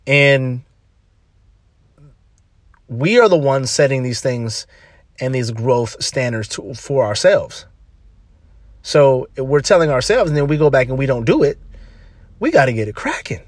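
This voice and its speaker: A man's voice: medium pitch, expressive, a little slow, pauses often, no echo, studio quality. A man hosting a podcast, giving an emphatic, slangy motivational talk full of repeated punchy phrases. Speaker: podcast host.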